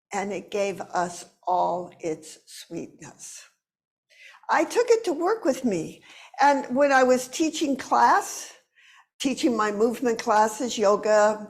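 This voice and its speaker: A woman in her seventies tells a personal story at an unhurried, deliberate pace. Her voice sits a little high, and her delivery is expressive. She speaks as a movement teacher. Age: 70s.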